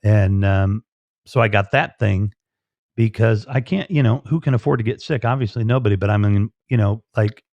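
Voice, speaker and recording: A man's voice: fairly low pitch, normal speed, no echo. Rambling man on a dull lo-fi stream. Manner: rambling, with many fillers and restarts. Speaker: live-stream host. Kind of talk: casual live-stream chat.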